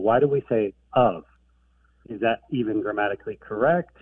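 A man's voice: lowish voice, moderate pace, breathy edge, distant mic. A man from Ohio with an American Midwestern accent, calling in to a radio show with a chatty, self-deprecating question. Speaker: caller. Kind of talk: phone-in question. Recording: tinny phone line.

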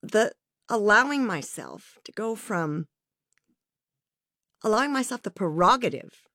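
A woman's voice: medium pitch, sing-song, a little slow, a bit bright, no room sound, studio quality. A woman being interviewed, speaking frankly and reflectively about her own life in a candid conversation. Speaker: interview guest.

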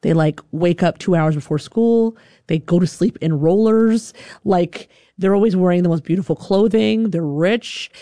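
A woman from Alabama telling a personal story in a lively, chatty way, full of "like". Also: fairly low pitch, normal speed, no room sound, studio quality.

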